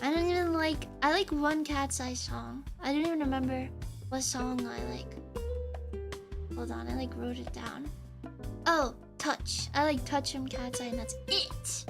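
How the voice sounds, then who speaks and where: A woman's voice: high-pitched, fairly even intonation, unhurried, gravelly. A young woman streaming as a VTuber, ranting sarcastically about songs she dislikes and swearing as she reacts. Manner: ranting, sarcastic, swears, hums along mockingly. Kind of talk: casual stream reaction rant. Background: pop music playing.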